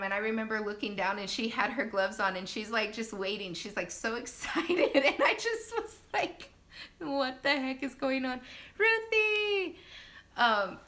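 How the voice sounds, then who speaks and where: A young woman tells a story on a phone live stream, chatty and quick to laugh. Her voice is bright and clear at a middle pitch. She keeps jumping into loud, high bursts when she acts out what people said. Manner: laughs often, many fillers. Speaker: new mother telling her birth story.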